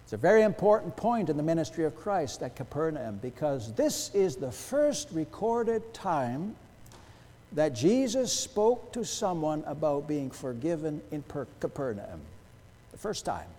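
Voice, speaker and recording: Male pastor, higher voice, very animated delivery, sermon with long church echo. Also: unhurried. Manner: emphatic, rhetorical questions, wide swings in loudness. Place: church sanctuary.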